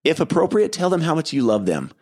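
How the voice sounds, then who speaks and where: Earnest man telling a gentle story. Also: fairly high pitch, wildly swooping pitch, fast talker. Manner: earnest, gentle, with soft laughs. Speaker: podcast host and keynote speaker. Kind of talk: reflective storytelling monologue.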